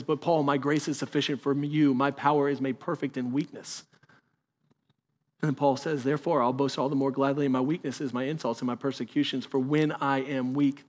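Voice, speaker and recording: A man's voice: a little high, a little mellow. A man, a pastor preaching a sermon in a conversational way that builds to emphatic peaks.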